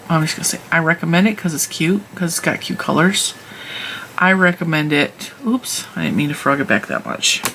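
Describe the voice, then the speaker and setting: A woman whose voice sits low with a slightly bright edge knits while reviewing yarn on her knitting and crochet channel. She chats, rambles off on tangents, and laughs at herself. The audio is poor, with a little hiss or hum.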